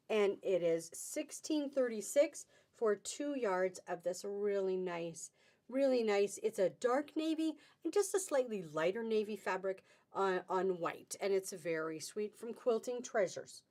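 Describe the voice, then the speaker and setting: A woman's voice: mid-range voice, expressive, unhurried, a little mellow. A middle-aged woman hosting a live fabric sale on webcam, chatty and upbeat with sing-song exclamations. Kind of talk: live-stream selling chat.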